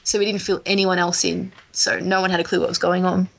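A woman's voice: on the low side, level tone, a little fast, gravelly. An Australian woman chatting as a podcast guest, a chatty storyteller who laughs easily. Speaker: guest, wrestler. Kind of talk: casual podcast chat.

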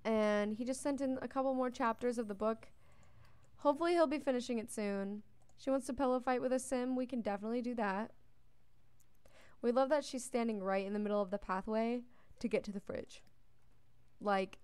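A young woman with a slightly high, somewhat mellow voice hosts a let's play, offering chatty, casual commentary at a fairly quick pace with frequent pauses. She talks to the characters on screen and yawns a lot. Her tone is clean, with no room sound.

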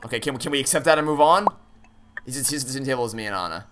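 A man's voice: medium pitch, lively intonation, racing, noisy background. A man playing through a story game, thinking aloud with hesitant, stammering restarts and casual swearing. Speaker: let's play gamer.

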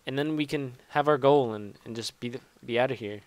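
A man's voice: medium pitch, fairly quick, no echo. A young man giving casual, rambling gameplay commentary, swearing often and poking fun at himself. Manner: rambling, profane, self-mocking. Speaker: gaming YouTuber.

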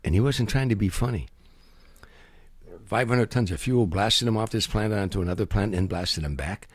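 Older male comedian guest, husky voice, acts out every character, dry close sound. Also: lowish voice, a little fast, no echo. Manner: acts out other people's voices and sound effects, lively storyteller. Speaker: comedian guest telling stories. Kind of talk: animated anecdote telling.

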